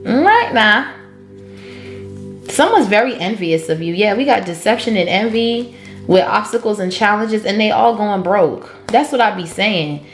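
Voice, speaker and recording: A woman's voice: mid-range voice, moderate pace. Brash woman tarot reader, echoey room. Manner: blunt, profane, sings song snippets. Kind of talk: casual tarot reading. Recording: echoey room with faint music.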